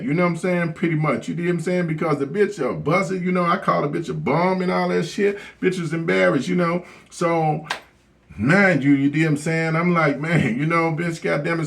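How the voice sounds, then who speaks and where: A man telling a story as a profane, blunt rant, cursing constantly and repeating "you know what I'm saying". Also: a little high. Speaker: vlogger.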